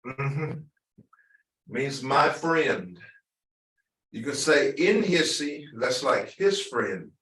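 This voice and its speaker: A man's voice: medium pitch, sing-song, very slow, long pauses, fairly bright tone. A man teaching a language class, patiently repeating words and asking students to say them back. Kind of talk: online language class instruction. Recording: echoey, distant mic with noise.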